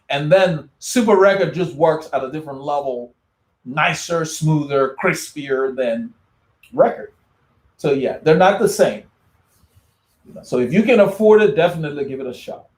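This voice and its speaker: Male channel host, slightly high voice, rambling casual chat, roomy echo. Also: darkish tone. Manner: rambling, repeats words and restarts often. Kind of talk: casual live chat answering viewer comments.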